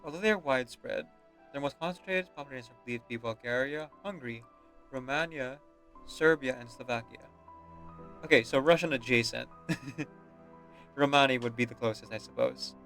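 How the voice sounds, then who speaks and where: A man's voice: mid-range voice, normal speed, a bit bright, soft background music. A man making casual, musing commentary between story scenes, with frequent ums. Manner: chatty, musing, with filler ums. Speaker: voice actor and streamer.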